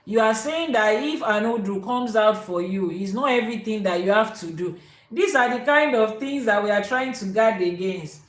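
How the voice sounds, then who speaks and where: A woman's voice: mid-range voice, normal speed. A woman, teaching as an Ifa priestess, emphatic and quoting proverbs. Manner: emphatic, repeats key words, quotes proverbs. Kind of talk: spiritual teaching talk. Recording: echoey room.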